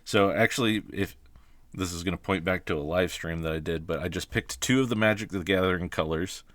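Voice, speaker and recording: A man with a very low voice chats about running tabletop games on a podcast. He speaks thoughtfully and often restarts his phrases, and the sound is dry and close. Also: brisk, a bit bright, no echo. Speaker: game master, podcast speaker. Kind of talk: casual podcast chat.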